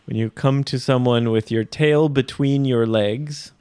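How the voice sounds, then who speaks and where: A man co-hosting an English-learning podcast, talking casually, slowly and clearly, explaining phrases as he goes. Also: mid-range voice, steady tone, dark tone, no room sound. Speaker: podcast co-host and English teacher.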